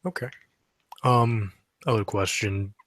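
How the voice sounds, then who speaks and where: A man with a lowish voice asks relaxed, curious questions in a casual podcast conversation. He nudges things along with short replies. The recording is close and dry. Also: slow pace, dry recording. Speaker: podcast co-host asking questions. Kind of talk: casual interview chat.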